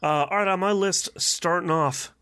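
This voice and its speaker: A man hosting a casual gaming podcast, reading out results with slow, drawn-out pauses. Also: sits high, pushed and bright, smooth. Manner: upbeat, reads results slowly with drawn-out pauses. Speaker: podcast host.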